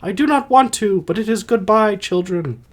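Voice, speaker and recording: A man in falsetto as a dying young queen. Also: animated, moderate pace. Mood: tender, fading. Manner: high falsetto put-on voice. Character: dying queen, a young woman, tender and resigned. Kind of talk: amateur audiobook reading.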